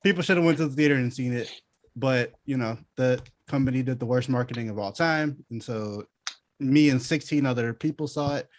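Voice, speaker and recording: A man's voice: medium pitch, fairly quick, no room sound. A man co-hosting a podcast, enthusing about a film casually with swearing and jokes. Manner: enthusiastic, profane, joking. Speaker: podcast co-host. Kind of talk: casual chat.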